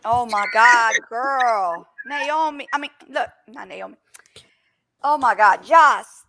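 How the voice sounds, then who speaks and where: A woman's voice: on the high side, takes it slowly, bright, forceful tone. A young woman hosting a live stream in casual, teasing chat, laughing often and talking through a headset.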